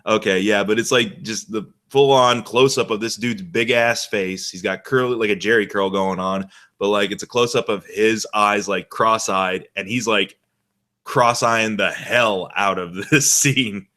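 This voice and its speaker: A man's voice: fairly low pitch, fairly even intonation, unhurried, bright, forceful tone. A man hosting a casual movie chat, laughing often and talking enthusiastically with lots of "like". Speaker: podcast host.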